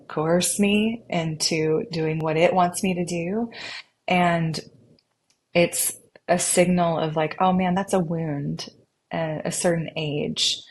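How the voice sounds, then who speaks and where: A woman speaking as a podcast guest in a reflective conversation, earnest and often acting out an inner dialogue. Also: sits low. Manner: warm, earnest, acts out inner dialogue in quotes.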